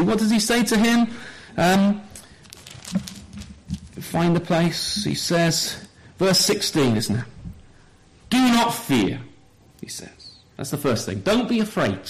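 High-voiced man preaching a sermon. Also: low-quality recording. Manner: animated storytelling, asks the congregation questions.

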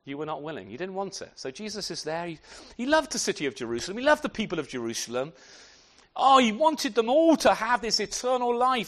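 A man preaching a sermon to his congregation, animated and often repeating words as he restarts his sentences. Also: on the high side. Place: church.

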